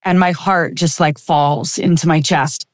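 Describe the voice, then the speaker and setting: A woman's voice: low-pitched, fairly even intonation, measured pace, dry recording. Reflective storytelling woman in her fifties. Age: 50s. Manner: reflective, anecdotal, with frequent fillers. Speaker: chiropractor and practice owner, podcast guest. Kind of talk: casual interview storytelling.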